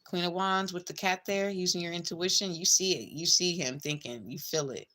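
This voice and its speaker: A woman's voice: lowish voice, normal speed, pushed and bright. A woman giving a casual tarot reading, chatty and blunt, swearing freely and calling the listener babe and girl. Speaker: tarot reader.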